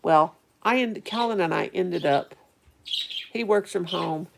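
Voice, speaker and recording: A middle-aged woman chats on and on to her live-stream viewers, reading their comments aloud. Her voice is quite low and full of vocal fry. Faint birdsong sits behind her. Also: measured pace, background noise. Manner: rambling, chatty, talks to viewers. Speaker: vlogger reading live chat. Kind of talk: casual live-stream chat.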